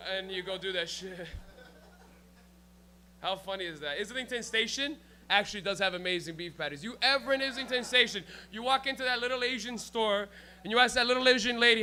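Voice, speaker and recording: Working a live comedy club crowd, this young stand-up comedian riffs freely, swears often, and cracks himself up. His voice is high, pushed, and bright, moving at a moderate pace.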